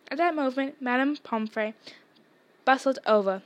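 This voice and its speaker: Woman reading a book chapter aloud, steady, high voice. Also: normal speed. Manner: steady storybook narration. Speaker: podcast reader.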